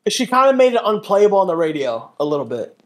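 A man's voice: high-pitched, sing-song, fast talker. A man as a guest in a casual chat over a call, laid-back and teasing, full of dude and bro.

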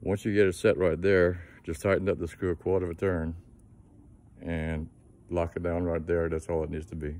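A man's voice: deep voice, little pitch movement, normal speed, a little mellow. A man giving a casual how-to tip on engines, talking in a plainspoken, folksy way with frequent fillers. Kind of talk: casual how-to talk to camera.

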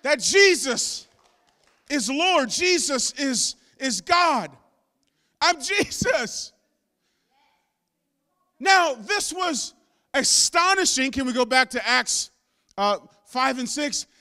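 High, bright-voiced preaching man. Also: sing-song, takes it slowly. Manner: impassioned preaching, rising to shouts. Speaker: pastor. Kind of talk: sermon. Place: church sanctuary.

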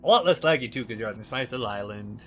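A man's voice: medium pitch, lively intonation, fast, soft background music. A young man livestreaming a video game, chatting casually and playfully, giggling and talking to the characters. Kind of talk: casual gameplay commentary.

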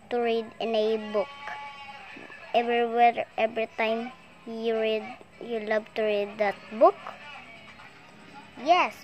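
Slow, playful woman telling a toy story. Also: on the high side. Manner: slow, playful, sing-song with excited squeals. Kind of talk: toy play storytelling with put-on voices.

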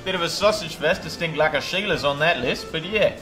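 A man's voice: a little high, a little fast, close to an everyday voice. A man playing a brash smuggler captain with a broad Australian accent, cocky and full of slang. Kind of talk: comedy parody dub. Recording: music behind the voice.

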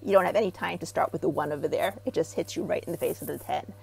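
A middle-aged woman from Israel, a therapy practitioner talking as an interview guest. She tells stories with animation and gets loud when she acts out what people say. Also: low-pitched, fast, gravelly, a little hiss or hum, low-quality recording. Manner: animated storyteller, rising loud when acting out quotes. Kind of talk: casual interview talk.

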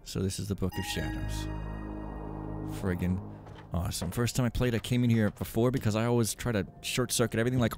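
A man's voice: fairly low pitch, steady tone, a little fast, music in the background. Casual man reading game texts aloud. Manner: casual, jokey, reads stories in a dramatic storytelling voice. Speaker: gaming channel host.

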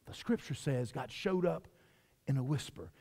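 A man preaching a sermon as lead pastor, swinging between loud preaching and hushed whispers. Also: medium pitch, moderate pace, vocal fry. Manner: talks loud by habit. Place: church sanctuary. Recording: long reverb of a church hall.

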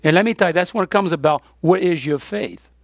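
A man's voice: sits high, quick pace, vocal fry, dry recording, studio quality. A man preaching a sermon as pastor, emphatic, with his voice rising on the key points.

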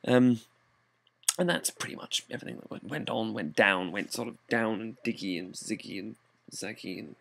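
A man's voice: on the low side, moderate pace, vocal fry, fairly bright tone, no echo. A tired British man rambling chattily through a casual video diary about his day as a street performer. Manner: rambling, chatty, filler-heavy.

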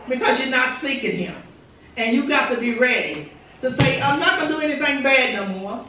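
A high, bright-toned woman pastor preaches with fervor, circling back on her phrases and calling out rhetorical questions. Her voice rings through a big echoing church, picked up by a mic set well away from her, with a faint hiss beneath. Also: normal speed. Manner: fervent, repetitive preaching with rhetorical quotes. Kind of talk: sermon. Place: church sanctuary. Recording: echoey church recording from far off.

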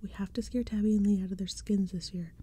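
A bossy, scolding girl, whispered by a woman reading a spooky storybook in a whispered role-play. The voice is breathy and warm-toned, pitched at an ordinary height. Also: fairly even intonation, quick pace, natural voice. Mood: stern.

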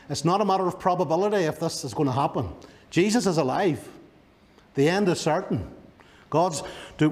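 A man's voice: high-pitched, a little mellow. A male pastor with a Northern Irish accent preaching a sermon, emphatic and driving home key words by repeating them. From Northern Ireland.

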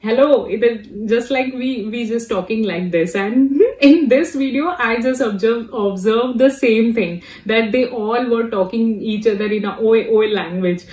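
A woman from India with an Indian English accent, hosting a casual reaction video and talking haltingly with many fillers and restarts. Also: a little high, a little mellow, far from the mic. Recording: echoey room, away from the mic.

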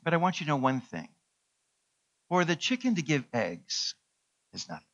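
A man voicing a solemn male farm pig in a parable, speaking gravely and in a hushed tone. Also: fairly high pitch, wildly swooping pitch, moderate pace, lo-fi sound, full character voice.

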